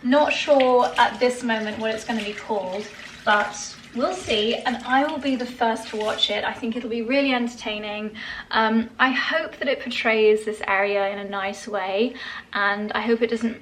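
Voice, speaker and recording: A woman's voice: a little high, steady tone, moderate pace, a little hiss or hum. A woman chatting casually in a home vlog, gushing about skincare while massaging her face. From England. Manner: chatty and gushing, with soft laughs. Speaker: lifestyle vlogger.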